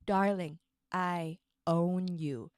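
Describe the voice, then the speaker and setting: A woman voicing a cold, possessive young female villain from a teen drama in a voice acting take, calm and condescending. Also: on the low side, extremely slow, no room sound.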